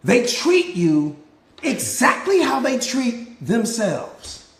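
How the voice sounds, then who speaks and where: A man, a mindset coach, giving a live motivational talk with preachy repetition and rapid rhetorical questions, greeting viewers by name. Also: extremely high pitch, huge pitch swings, echoey room.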